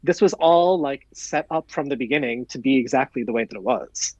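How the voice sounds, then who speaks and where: A man's voice: mid-range voice, animated, a little fast, darkish tone, no room sound, lo-fi sound. A man on a podcast panel in a casual chat, talking in a wry, joking way.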